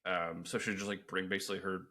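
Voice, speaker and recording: A man's voice: sits low, level tone, fast, pushed and bright. A young man co-hosting a podcast, chatting casually, rambling with lots of fillers and swearing. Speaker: podcast co-host. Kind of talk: casual chat.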